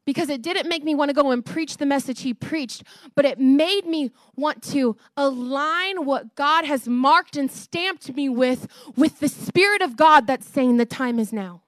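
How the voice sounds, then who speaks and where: High-voiced woman preaching with fervor. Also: a little slow, few pauses, dry recording, studio quality. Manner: passionate, rising to near-shouting, laughs often. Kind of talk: sermon.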